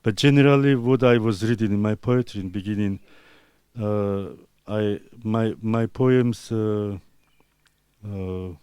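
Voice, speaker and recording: A man from Azerbaijan whose first language is Talysh, an artist answering interview questions in halting, broken English full of pauses and fillers. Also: lowish voice, a little mellow, clear, resonant tone, no echo, studio quality.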